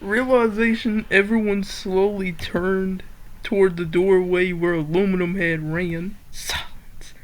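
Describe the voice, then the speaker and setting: A young woman reads a silly story aloud at an unhurried pace, amused by it as she goes. Her voice sits at a middle pitch, easy and casual. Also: fairly even intonation, slight background noise. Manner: laughs while reading, amused.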